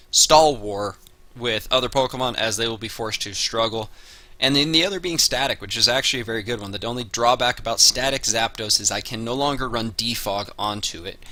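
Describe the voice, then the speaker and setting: A Pokemon draft league player gives a casual spoken breakdown of his draft picks, working through lists with frequent "uh" and "um." His medium-pitched voice sounds pushed and bright, with no echo in the recording.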